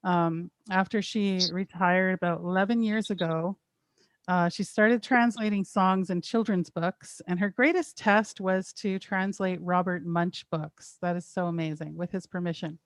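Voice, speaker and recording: A woman's voice: lowish voice, steady tone, measured pace, no room sound, studio quality. A woman host introducing her guest in a casual, grateful way, with frequent fillers.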